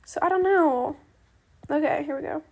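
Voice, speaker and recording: A woman's voice: high voice, normal speed, a little mellow. A woman chatting casually while playing a game, rambling and peppering her talk with slang like bestie and slay, often apologizing and gushing at other players. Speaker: gaming video creator.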